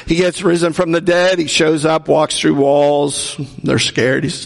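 A man's voice: on the high side, level tone, unhurried, vocal fry, hardly any pauses. A male pastor preaching a sermon in a conversational way, with jokes and acted-out quotes, in a church. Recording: hall reverb.

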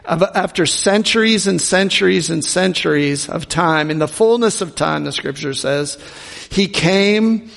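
A man preaching a sermon in earnest, repeating words and slowing down to stress them, recorded in a long-reverb church hall. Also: high voice, creaky, a bit bright. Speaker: pastor.

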